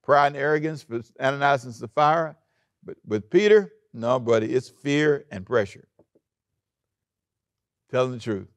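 A man pastor preaching a sermon in an animated way, acting out quoted lines and chuckling often. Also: mid-range voice, no echo.

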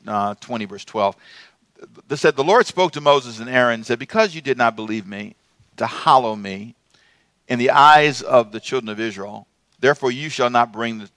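A man's voice: medium pitch, fairly bright tone, no room sound. A man preaching a sermon as a pastor, calling on the congregation to repeat after him. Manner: preaching with rising passion, calls for congregation to repeat.

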